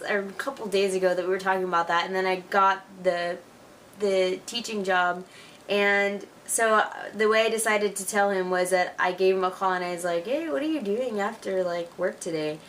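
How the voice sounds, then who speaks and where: A young woman in her twenties talking casually to a friend in a home video, chatty and excitable, with lots of "like" and "you know". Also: medium pitch, normal speed, far from the mic, slight background noise. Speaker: vlogger. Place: at home, alone.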